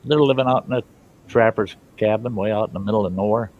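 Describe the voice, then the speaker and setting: A man's voice: fairly low pitch, fast talker, a little mellow, dull audio, a little hiss or hum. A man hosting his own show, telling jokes in a folksy, rambling way and laughing at his own punchlines. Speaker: host. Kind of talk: casual joke telling.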